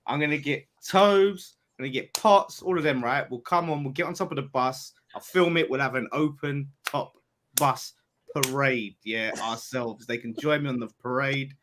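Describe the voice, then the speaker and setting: A man chatting casually on a football podcast over a call, animated and teasing. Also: medium pitch, normal speed, slight background noise. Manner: animated, teasing, boastful banter. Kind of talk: casual chat.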